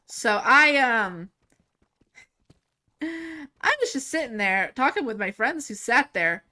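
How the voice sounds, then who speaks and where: Bright-voiced young woman streamer, rambling. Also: on the high side, takes it slowly. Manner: rambling and animated, laughs and swears often. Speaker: livestreamer. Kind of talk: casual storytelling while gaming.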